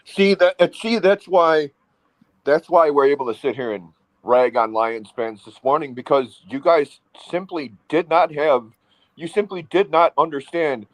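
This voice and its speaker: Man, brash sports banter, mocking tone, slightly high voice, dry close sound. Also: measured pace, no room sound, poor audio. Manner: brash, mocking, repeats himself. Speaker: sports talk show co-host.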